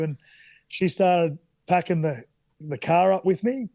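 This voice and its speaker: A man's voice: on the high side, unhurried, no room sound. A man in his thirties with an Australian accent, a guest telling candid stories in a casual interview, full of fillers and restarts. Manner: relaxed, candid anecdotes with many fillers. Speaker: podcast guest.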